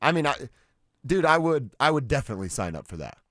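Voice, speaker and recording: A man's voice: fairly high pitch, big pitch swings, fast talker, a bit bright, dry recording, clean studio sound. A man from Colorado co-hosting a sports talk radio show in a casual, joking way, laughing often.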